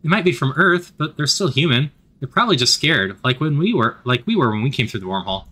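A gentle, easygoing teenage colonist speaks softly, voiced by a male reader. The delivery is bright, with a lively lilt. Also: mid-range voice, quick pace, breathy edge.

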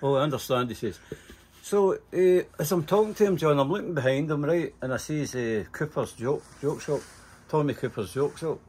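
Here the same kind of talk comes from an older Scottish man whose pitch runs fairly high at a normal speed. His tone is darkish, with a little hiss or hum in the recording, as he meanders through profane, aside-filled stories.

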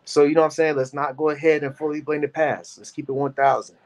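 A man in his thirties giving casual reaction commentary, animated and rambling, talking to his chat by name. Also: a little high, quick pace. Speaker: commentary host.

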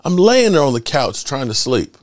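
A middle-aged man hosting his sports channel, chatting casually and rambling through stories with lively swearing. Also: mid-range voice, moderate pace, no room sound, studio quality. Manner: animated storyteller, swears freely. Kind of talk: casual rambling fan chat.

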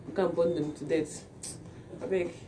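A woman's voice: lowish voice, steady tone, normal speed, warm tone, distant mic, slight background noise. Chatty Nigerian woman with morning voice. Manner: chatty, repeats words and restarts a lot. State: morning voice, just woke up. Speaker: vlogger. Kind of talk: casual chat to camera.

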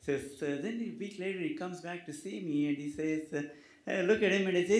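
Joking doctor in an echoey hall. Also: male voice, high-pitched, a little fast. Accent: non-native English accent. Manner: joking storyteller, hesitant with many fillers and restarts. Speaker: physician giving closing remarks. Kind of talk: closing remarks speech with a humorous anecdote. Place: conference hall.

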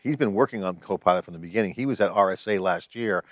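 A man's voice: low-pitched, fast, no echo. A man co-hosting a podcast, talking in a rambling, chatty way and restarting phrases. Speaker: podcast co-host. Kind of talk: casual tech chat.

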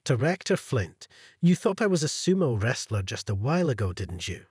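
A man's voice: medium pitch, big pitch swings, normal speed, darkish tone, husky, no echo, clean studio sound. A man voicing a composed young mother who speaks in a pointed way in a spoken story.

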